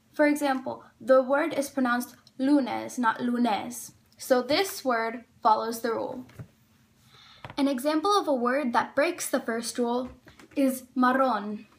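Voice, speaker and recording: High-voiced woman explaining a lesson. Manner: careful, slows down on example words.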